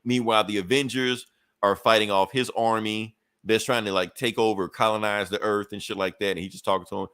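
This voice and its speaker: A man's voice: lowish voice, steady tone, a little fast, fairly bright tone, clear, resonant tone. A man co-hosting a podcast, casually recapping a comic book plot with loose, profane phrasing and frequent "you know". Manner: chuckles between points. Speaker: podcast co-host.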